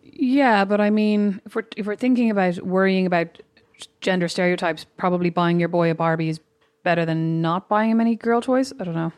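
A woman with an Irish accent co-hosting a podcast, teasing her co-host with quick jabs and interjections. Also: lowish voice, steady tone, a little mellow, no room sound. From Ireland. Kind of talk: casual chat.

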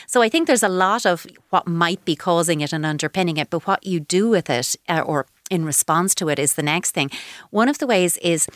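Woman, lower voice, parenting expert on a dry studio mic, playful explainer. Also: expressive, a little fast, no echo. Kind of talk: advice radio chat.

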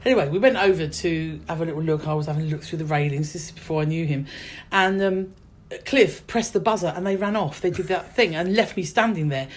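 A woman's voice: low-pitched, brisk. A middle-aged woman, an actress telling stories in a casual interview. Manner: chatty storyteller, many restarts. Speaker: actress guest.

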